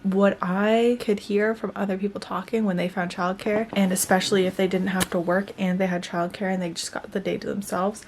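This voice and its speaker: A young woman chats to her camera at home in a loose, rambling way, full of "like" and "yeah". Her voice sits at an ordinary middle pitch. A faint hiss of room noise runs underneath. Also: flat delivery, fairly quick, few pauses. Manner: chatty, rambling, filler-heavy. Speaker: vlogger, new mom. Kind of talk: casual talking vlog. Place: at home indoors. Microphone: camera-mounted mic.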